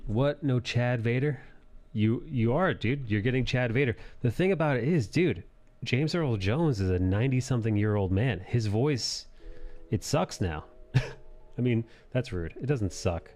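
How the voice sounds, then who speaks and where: A man's voice: mid-range voice, expressive, measured pace, a little mellow, soft background music. A man hosting a drawing live stream, chatting casually in a rambling, profane way that keeps correcting itself. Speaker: live-stream host and comic artist.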